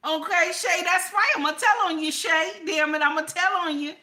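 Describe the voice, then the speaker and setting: A woman's voice: very high voice, a little fast. A woman, host of a casual livestream who reads chat comments aloud and teases her viewers. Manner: animated, teasing, talks straight to chat viewers.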